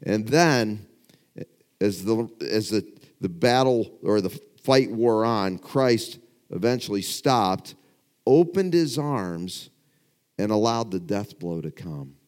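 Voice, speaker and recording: Middle-aged male pastor, lowish voice, preaching in church, drops to a hush then builds to emphatic questions. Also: expressive, slow. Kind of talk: sermon. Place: church before a congregation.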